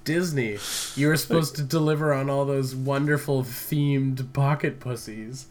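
A man's voice: mid-range voice, steady tone, a little slow, a little mellow. A young man co-hosting a podcast, chatting loosely, musing and laughing a lot. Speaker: podcast co-host. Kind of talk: casual podcast chat.

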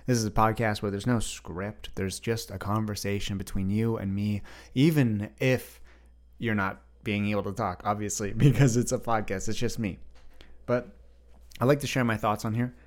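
A man's voice: lowish voice, fairly even intonation, moderate pace. A young man hosting a solo podcast, chatting freely and rambling straight to his listeners. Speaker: podcast host. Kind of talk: unscripted solo podcast chat.

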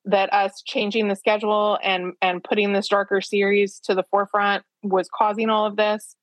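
A woman guest speaks at a middling pitch, frank and self-deprecating. She tells her story in a conversational way with quick asides. The recording is dry with no room sound. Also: level tone, no room sound. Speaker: author, interview guest.

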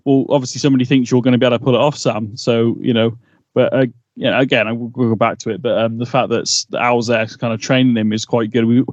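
Speaking at a quick pace with fairly even intonation, this medium-pitched podcast co-host rambles through casual chat, full of fillers and false starts. The sound is dry, dull and lo-fi, with no echo.

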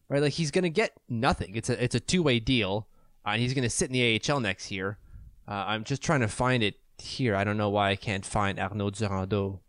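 A man from Canada co-hosting a podcast over a video call, talking casually and excitably, often restarting sentences and jumping up in pitch when he makes a point. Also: no echo, clean studio sound. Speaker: podcast co-host. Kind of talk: casual sports talk. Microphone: remote video call.

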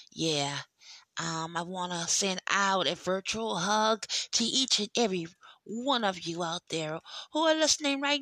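A woman hosts her podcast solo, unhurried and playful, often breaking into laughter. Her voice is bright and forward, recorded dry and close. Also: lowish voice, no room sound, rough recording. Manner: chatty, laughs often, playful self-mocking. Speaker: podcast host. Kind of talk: casual monologue.

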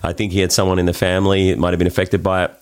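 A man with an Australian accent, a guest telling travel stories in a casual, animated way with many restarts. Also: low voice, rapid-fire. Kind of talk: casual interview storytelling.

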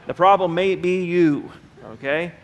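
A man's voice: high voice, measured pace. A middle-aged male pastor preaching a sermon in a church, telling a personal story in a folksy way and speaking straight to his congregation. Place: church sanctuary.

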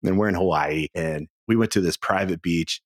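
Middle-aged male guest, low voice, animated storyteller with excited upward jumps. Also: normal speed. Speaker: podcast guest, author and coach. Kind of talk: casual interview chat.

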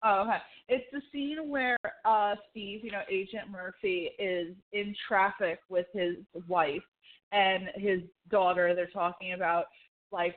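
Woman chatting over a tinny line. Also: lowish voice. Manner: rambling, filler-heavy storytelling. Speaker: podcast co-host. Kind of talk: casual chat.

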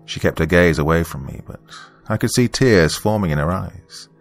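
A man narrating a first-person story in a calm, measured, reflective way. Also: deep voice, vocal fry, soft background music.

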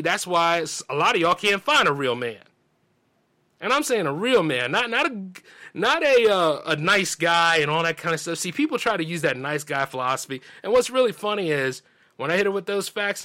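A man from the Southern US with a light drawl, hosting a podcast and delivering an opinionated, emphatic rant. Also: bright, forceful tone. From Southern United States. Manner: ranting, emphatic, mimics others in a high voice. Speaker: podcast host. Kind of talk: opinionated monologue.

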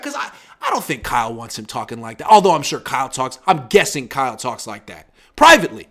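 Young male sports writer guest, animated and bright-toned, acts out quotes in casual chat. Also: medium pitch, a little fast, few pauses. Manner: animated, acts out quoted players with big loud jumps.

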